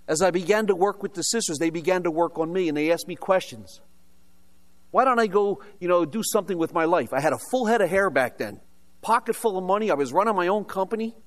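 An older American man preaching a sermon, telling his own story with humorous asides and rhetorical questions. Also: sits high. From United States. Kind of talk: sermon with personal testimony.

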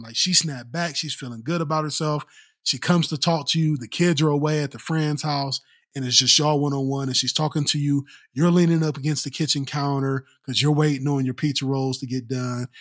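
Man, podcast co-host, casual chat, animated storytelling, somewhat high pitch. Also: brisk.

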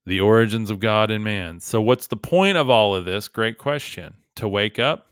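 A man's voice: on the low side, moderate pace, a bit bright, smooth, dry recording, clean studio sound. A man hosting a podcast in a casual, emphatic monologue, often saying "like" and talking to his listeners as "guys". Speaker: podcast host.

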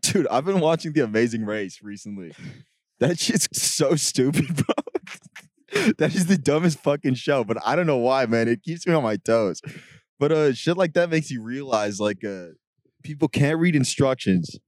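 A laid-back young man co-hosting a podcast, with a voice of middling pitch. He tells stories at an easy pace, using casual slang and laughing easily. The sound is dry and close to the mic. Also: expressive, normal speed, a little mellow, dry recording. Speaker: podcast co-host. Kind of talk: casual chat.

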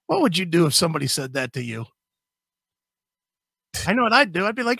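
High, animated sarcastic male podcaster. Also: a little fast, vocal fry, pauses often, dry recording. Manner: crude, mocking, reads article aloud with sarcastic asides. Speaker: podcast co-host. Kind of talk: casual podcast banter.

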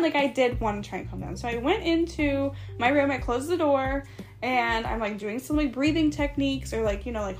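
Young woman with a high voice, chatty podcast storyteller, quoting people and laughing through it. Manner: animated, acts out dialogue with laughs. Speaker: podcast co-host, massage therapist. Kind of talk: casual storytelling chat.

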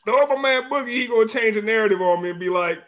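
High voiced guy hosting, slangy and jokey. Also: rapid-fire, fairly bright tone. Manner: loose slangy banter, laughs often. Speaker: podcast host. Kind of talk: casual chat.

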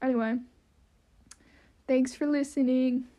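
A young woman with a high, squeaky voice hosting her own podcast, rambling casually with lots of "um" and "like" and self-deprecating asides. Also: steady tone, slow, dark tone. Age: young adult. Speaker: podcast host.

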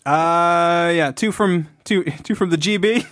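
High-voiced giggly male podcast host. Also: a little slow, a bit bright, no room sound, clean studio sound. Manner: giggly, self-mocking, slips into joke accents. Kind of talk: casual podcast chat reading listener reviews. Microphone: studio microphone.

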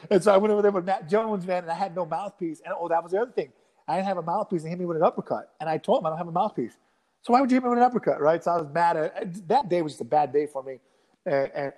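Fast-talking animated man telling stories. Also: a little high. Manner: animated, rambling, acts out quotes with many restarts. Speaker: guest fighter. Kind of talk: casual storytelling in a podcast interview.

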